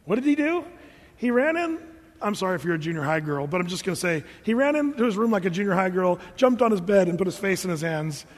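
Guy pastor w a high voice, jokey animated sermon, big echoey church hall. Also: fast talker. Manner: animated storyteller, acting out characters with humor.

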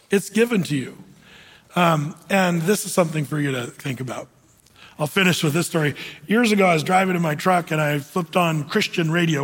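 A high, husky male voice preaching to his congregation, lively and animated as he tells a story. The sound rings with the long reverb of a church hall. He ends by slowing into prayer. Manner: animated, grows excited and laughing while retelling. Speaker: pastor. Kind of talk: sermon with storytelling and closing prayer.

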